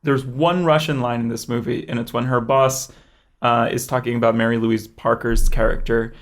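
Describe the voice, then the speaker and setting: A man's voice: medium pitch, steady tone, moderate pace. A young man co-hosting a casual movie review podcast, rambling with lots of fillers and hedges. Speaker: podcast co-host.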